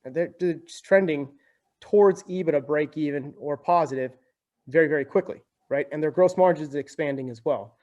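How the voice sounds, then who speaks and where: A talkative young man appears as a podcast guest, explaining things in a loose, conversational flow and checking in with "right?" between points. His voice sits a bit higher than most men's, with a darkish tone and a normal speaking speed.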